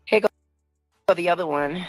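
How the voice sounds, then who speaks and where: A woman's voice: on the low side, dry recording, soft background music, poor audio. Upset woman venting into her phone. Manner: upset, talking fast with sharp questions. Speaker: vlogger. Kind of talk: filming herself in a casual rant. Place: airport.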